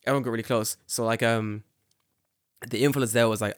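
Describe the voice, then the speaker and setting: Animated young man telling a story. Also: quick pace, dry recording, studio quality. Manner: animated, swearing, acts out quotes with big jumps in pitch. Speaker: podcast co-host. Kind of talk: casual storytelling chat.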